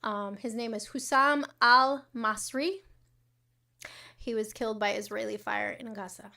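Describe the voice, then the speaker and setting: A fairly high-voiced woman hosting a casual livestream, talking straight to her chat. She is blunt and sarcastic and swears freely, and her voice sits a little back from the mic. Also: steady tone, a little slow, creaky, pushed and bright, far from the mic. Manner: blunt, profane, sarcastic asides. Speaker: livestream host. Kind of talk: casual livestream chat reading comments and news.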